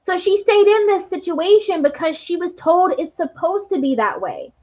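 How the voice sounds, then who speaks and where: A woman's voice: extremely high pitch, lively intonation, normal speed, dark tone, highs cut off. A woman tarot reader talking earnestly and emotionally to viewers of a live stream, often tagging on "right?".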